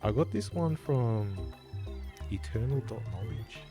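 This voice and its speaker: A man's voice: fairly low pitch, sing-song, unhurried, mellow, faint music behind. A young man giving a rambling, self-questioning monologue about a quote in a laid-back way. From Australia. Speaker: vlogger. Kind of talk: casual musing monologue.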